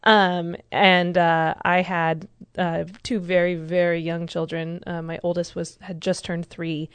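Woman in her thirties, low voice, candid personal storytelling, dry close sound. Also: little pitch movement, unhurried, clean tone, no room sound. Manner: candid, emotional storytelling with laughs. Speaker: discussion participant. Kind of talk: casual group discussion.

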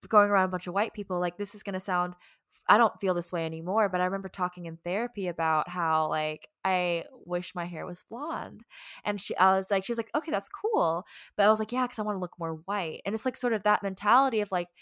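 A young woman with a Southern American accent, chatting casually in a conversation and talking in an animated way with laughs and quick asides. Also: mid-range voice, no room sound, studio quality. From Southern United States.

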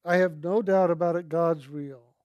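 A man's voice: a little high, steady tone, moderate pace, darkish tone, dry recording, dull audio. A man earnestly telling a personal story from his school days. He speaks reflectively and quotes the people in it in his own voice.

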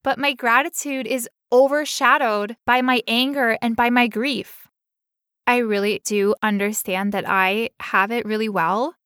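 A woman's voice: on the high side, steady tone, a little slow, a bit bright, smooth, dry recording, studio quality. A young woman co-hosting a podcast, talking candidly and emotionally, with frequent laughs. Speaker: podcast co-host. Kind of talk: personal, emotional podcast talk.

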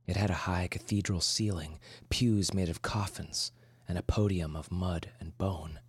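Deep-voiced man narrating horror. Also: steady tone, no echo, studio quality. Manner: measured, dramatic, drops to a whisper for tense moments. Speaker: podcast host and story narrator. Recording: narration over clear music.

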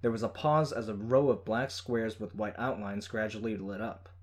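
A man reading a first-person story in a steady, measured way. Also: lowish voice. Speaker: audiobook narrator. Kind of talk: scripted first-person narration.

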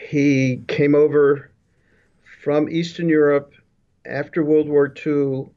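A business leadership consultant, appearing as an interview guest over a remote video call, tells his life story slowly in a fairly high, level voice. He rambles, often restarting and slipping into asides. The call audio is dull and lo-fi.

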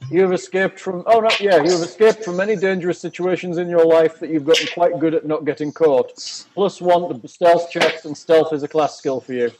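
A man's voice: fairly high pitch, fairly even intonation, fairly quick, noisy background. A man running a tabletop game over a video call, reading out rules methodically and teasing his players dryly. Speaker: game master. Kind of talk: casual chat, reading rules aloud.

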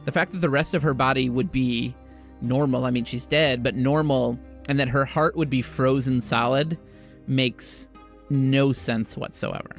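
A man's voice: medium pitch, fairly even intonation, unhurried, faint music behind. Casual male game master. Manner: loose, conversational, with fillers. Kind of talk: narrating a tabletop game.

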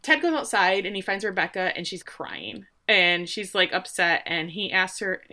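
A woman's voice: on the low side, moderate pace. A woman in her forties hosting a casual podcast, animatedly recapping a TV episode and laughing often as she retells scenes. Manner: animated storyteller who laughs often and briefly voices characters.

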